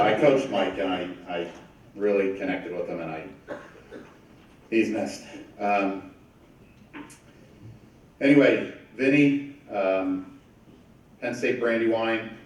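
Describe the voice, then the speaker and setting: A man giving an emotional, halting hall of fame speech, laughing through his emotion. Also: fairly low pitch, a little hiss or hum. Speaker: hall of fame presenter, former player and coach. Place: large echoey banquet room. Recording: echoey hall, distant mic.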